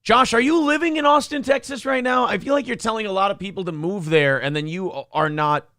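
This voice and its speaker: A man's voice: high-pitched, fairly quick, sharp tone, no echo, studio quality. A man hosting a morning talk show, joking around in a casual, profane and offhand way. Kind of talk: casual comedic chat.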